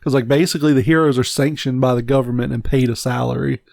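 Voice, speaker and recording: A man's voice: mid-range voice, steady tone, fast talker, creaky, a little mellow, no echo. A man co-hosting a podcast, rambling bluntly with frequent swearing in casual chat. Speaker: podcast co-host.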